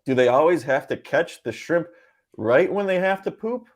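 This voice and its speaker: A man co-hosting a comedy podcast, telling one-liner jokes in a deadpan way. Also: a little high, moderate pace. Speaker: podcast co-host.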